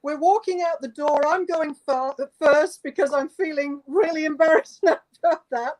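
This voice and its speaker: A woman telling a personal story as a guest speaker on a video call, in an animated, emotional way, often breaking into laughter. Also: high-pitched, moderate pace, low-quality recording.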